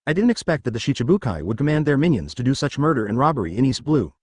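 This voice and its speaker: A man's voice: mid-range voice, sing-song, quick pace, breathy edge, no echo, studio quality. A man reading as a cold, ruthless pirate captain.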